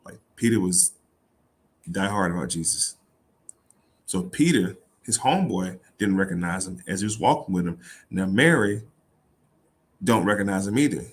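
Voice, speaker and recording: A male host with a low voice and lively intonation reads a Bible passage aloud at a moderate pace, pausing often. He riffs on it casually and irreverently, swearing and laughing as he goes.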